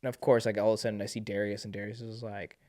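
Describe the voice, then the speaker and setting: A man's voice: lowish voice, level tone, rapid-fire, darkish tone. A young man guesting on a podcast, chatting casually and rambling, with lots of "like" and acted-out quotes. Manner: rambling, full of "like" and restarts, acts out quotes. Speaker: podcast guest, band member.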